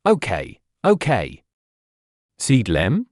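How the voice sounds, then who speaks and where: A desperate older brother and monster hunter, read by a man in a fanfic audiobook, pleading and shaken. His pitch rises and falls with feeling. The delivery is dry and up close. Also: wildly swooping pitch, extremely slow, a little mellow, no room sound, full character voice. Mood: placating.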